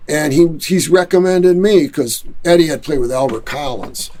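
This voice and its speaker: A man with a Detroit accent telling a lively story in a casual interview, acting out other people's quotes. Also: on the high side, moderate pace, slight background noise. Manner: animated storyteller who acts out quotes. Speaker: musician and studio owner, guest.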